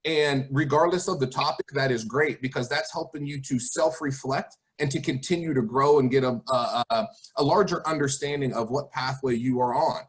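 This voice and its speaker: A man's voice: medium pitch, moderate pace, few pauses. A man speaking as a college guest to students over a video call, encouraging them and asking rhetorical questions. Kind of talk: online presentation to students.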